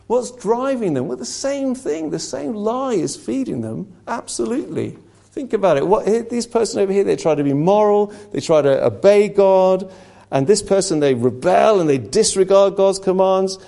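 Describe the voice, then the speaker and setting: A man's voice: high-pitched, expressive, normal speed, creaky, warm tone. A man preaching a sermon, impassioned and rhetorical, slipping into mocking asides.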